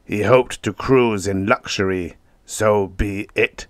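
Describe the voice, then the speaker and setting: A man voicing Wonk, a huge, slow, armored alien who talks in a rumbling, ponderous way about revenge. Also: no echo. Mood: brooding.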